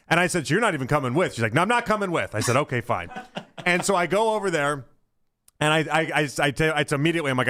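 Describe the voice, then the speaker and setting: A man's voice: fairly high pitch, fast. A man hosting a sports radio show, chatting casually and acting out the people in his story as he tells it. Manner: animated storyteller who acts out exchanges.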